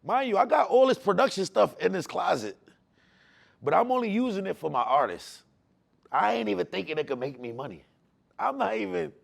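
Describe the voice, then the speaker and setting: Gravelly man telling his faith testimony. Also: high-pitched. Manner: casual street slang, repeats words for emphasis; emotional, swings between hushed and loud. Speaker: testimony speaker. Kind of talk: personal faith testimony, storytelling.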